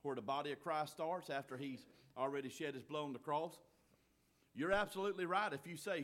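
Folksy preacher, bright voice. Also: male voice, on the high side, brisk. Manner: folksy preaching, swings from quiet asides to shouting. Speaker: pastor. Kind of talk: sermon.

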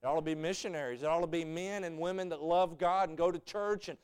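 A man preaching a folksy sermon, telling stories and rising to shouted fervor. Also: a little high, fast talker, clean tone.

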